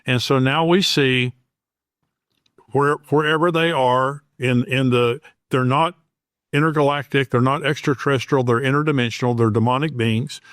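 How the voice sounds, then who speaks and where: A man's voice: mid-range voice, fairly even intonation, normal speed, fairly bright tone, dry recording, studio quality. A man hosting an interview, making his points earnestly and restarting his sentences as he goes. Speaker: host.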